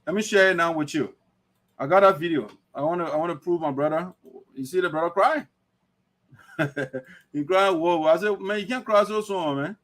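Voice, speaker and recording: Male host, slightly high voice, preachy livestream commentary. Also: moderate pace, long pauses, fairly bright tone. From Liberia. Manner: emphatic, lecturing, preachy. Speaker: host of an online talk show.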